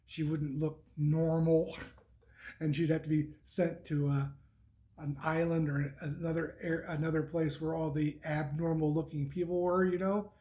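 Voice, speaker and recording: Mellow-voiced middle-aged man, rambling vlog recap. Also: a little high. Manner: rambling, with frequent restarts and chuckles. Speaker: motorcycle vlogger. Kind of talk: casual spoken recap.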